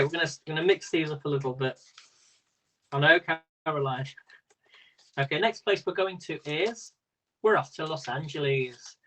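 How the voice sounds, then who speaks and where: A man's voice: on the high side, a bit bright, poor audio. A man hosting a live-stream quiz in a casual, rambling way, laughing often as he talks. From Britain. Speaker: quiz host.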